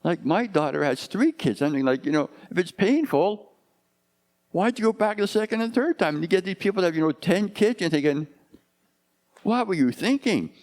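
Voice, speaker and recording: A man's voice: high-pitched, animated, fairly quick, darkish tone. A man in his fifties, a pastor preaching a conversational sermon full of rhetorical questions.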